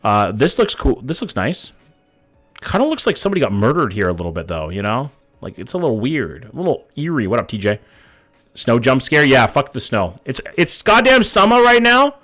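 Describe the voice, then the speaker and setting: A man's voice: mid-range voice, big pitch swings, a little fast, soft background music. A man, casually chatting and swearing as he reacts to viewers' hometowns live. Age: 30s. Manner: casual, profane, reads chat aloud. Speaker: live streamer. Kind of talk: live stream reaction chat.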